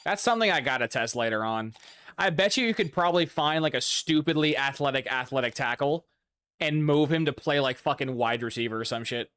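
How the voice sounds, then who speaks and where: A man's voice: medium pitch, a little fast, a bit bright, clean tone, no room sound. Profane, chatty male gaming streamer. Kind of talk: casual gameplay commentary.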